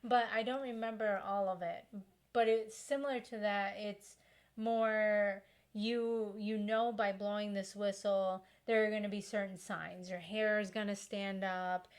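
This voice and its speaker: A woman's voice: medium pitch, steady tone, unhurried. Chatty woman co-hosting a podcast. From Latin American heritage. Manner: thoughtful, trails off with ums. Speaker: podcast co-host. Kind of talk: casual chat.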